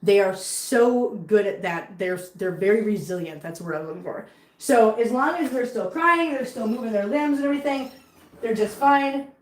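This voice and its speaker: A woman with a fairly high voice talks to her kittens in gentle, cooing baby talk, then turns to chat casually with her viewers. She is in a reverberant room at home. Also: expressive, moderate pace. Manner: coos baby talk to kittens between chatty asides to viewers. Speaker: cat channel vlogger.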